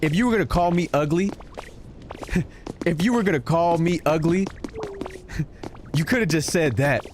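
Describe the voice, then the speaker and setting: A young man streaming a game, giving casual commentary that is joking, animated and full of swearing. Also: a little high, measured pace, long pauses, background noise. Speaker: gaming streamer. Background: game music.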